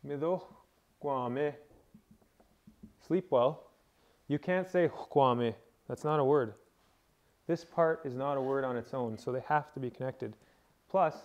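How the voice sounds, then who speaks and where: A man's voice: medium pitch, steady tone, moderate pace, vocal fry, long pauses, a little mellow, muffled recording. A man teaching a language class, explaining rules step by step and checking that his students follow. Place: indoor camp teaching session.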